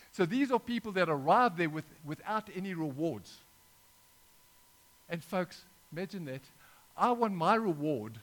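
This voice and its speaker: A middle-aged man preaching an informal sermon, talking conversationally with frequent restarts and asides to his listeners. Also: on the high side.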